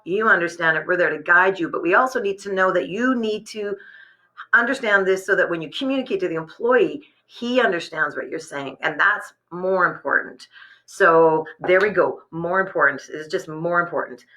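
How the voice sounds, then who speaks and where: A woman's voice: mid-range voice, sharp tone, low-quality recording. A woman hosting a live business webcast from her home workspace, talking in a chatty, rambling way with many fillers and restarts. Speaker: host.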